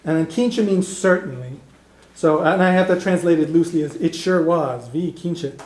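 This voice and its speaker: A man teaching a beginner language class, explaining step by step and modelling phrases slowly so the class can repeat them. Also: fairly high pitch, darkish tone. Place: community classroom in a heritage house. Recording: echoey classroom recording.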